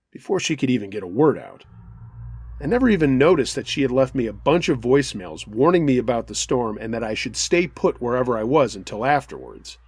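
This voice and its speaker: A man's voice: medium pitch, a little mellow, slightly rough, no echo, studio quality. A man hosting a scary story show, reading a listener's first-person account with earnest, dramatic storytelling.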